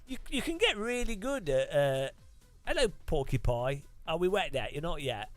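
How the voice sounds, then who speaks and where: A man's voice: on the high side, big pitch swings, normal speed, fairly bright tone, faint music behind. A man chatting casually while sim racing, rambling and chuckling. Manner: rambling, chuckling, lots of restarts. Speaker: streamer.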